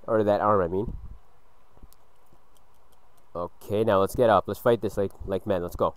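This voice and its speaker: A man hosting a gaming video, giving excitable let's play commentary, swearing and shouting at the game from a hot room at home. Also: lowish voice, a little slow, pauses often, smooth, no echo, rough recording.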